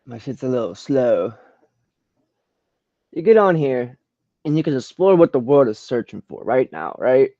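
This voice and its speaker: A man in a laid-back screen-share session, full of slang and swearing, breaking into loud disbelief at what he finds. His audio is dull and lo-fi, with a dry, close sound. He talks at a mid pitch. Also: sing-song, a little slow, long pauses, no echo. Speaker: vlogger browsing trending searches. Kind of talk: casual screen-share commentary.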